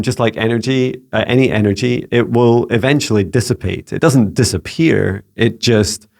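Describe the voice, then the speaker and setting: A Scottish man with a lowish voice and plenty of gravelly fry answers viewer questions as a spiritual mentor. He talks in a gentle, soothing way, often stumbling and repeating words as he thinks. The delivery is casual and unscripted. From Scotland. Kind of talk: casual spoken Q&A video.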